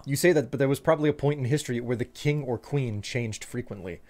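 A man's voice: medium pitch, expressive, brisk, few pauses, darkish tone. A man streaming live, chatting and joking with his viewers in a rambling way. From United States. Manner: joking, rambling, talks to chat. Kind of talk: casual live-stream chat.

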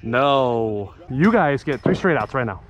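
A man vlogging from an outdoor softball field, joking with teammates and yelling at big plays. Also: medium pitch, animated, a little slow, dull audio. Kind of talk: excited play-by-play banter.

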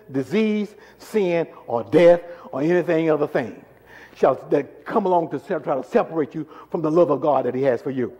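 A man preaching a call-and-response sermon, pressing the congregation with repeated questions and swinging between loud calls and quiet asides. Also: fairly high pitch, slightly rough. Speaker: pastor. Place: large church sanctuary. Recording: echoey church hall.

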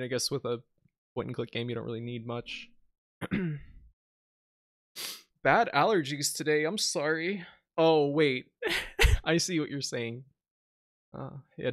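A man's voice: a little high, no echo, clean studio sound. A man streaming a game live, chatting casually with viewers, teasing them and reading menus aloud.

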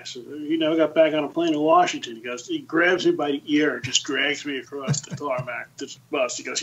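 A man in his sixties, a podcast guest, telling lively anecdotes in a casual storytelling style. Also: on the high side, normal speed, a little hiss or hum, low-quality recording. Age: 60s. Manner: lively anecdotes, acts out the quoted voices.

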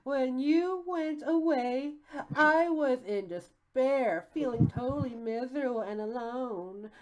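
A woman's voice: high-pitched, slow, rough recording. A woman voicing a distraught, defiant female rabbit cop from a comic, reading the lines melodramatically. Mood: solemn.

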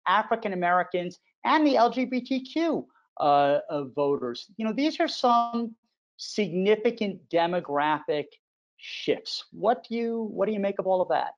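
A man's voice: high voice, big pitch swings, moderate pace. A man moderating a political panel, posing questions conversationally and handing them off. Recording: muffled lo-fi audio.

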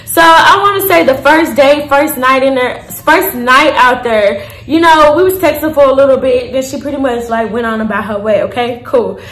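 A woman's voice: high-pitched, moderate pace, hardly any pauses, fairly bright tone. A woman in her twenties telling a story to her viewers in a casual, candid, slangy and profane way. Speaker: storyteller vlogger. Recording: roomy echo.

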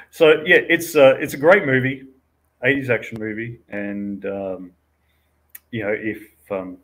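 A man's voice: medium pitch, fairly even intonation, slow, pauses often, low-quality recording. A man co-hosting a casual movie chat, telling the story with incredulous laughter.

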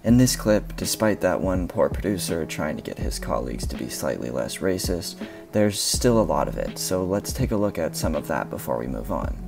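Brief: male video essayist, low gravelly voice, dry sardonic commentary over background music. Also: very animated, normal speed. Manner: sardonic and critical. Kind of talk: scripted commentary narration.

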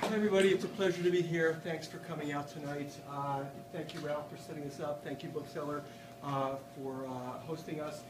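A man giving a live poetry reading in a bookstore, with chatty, halting asides between poems read in a dry, deadpan way. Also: a little high, very noisy. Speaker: poet reading his work. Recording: roomy audience recording from far off. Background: audience laughter.

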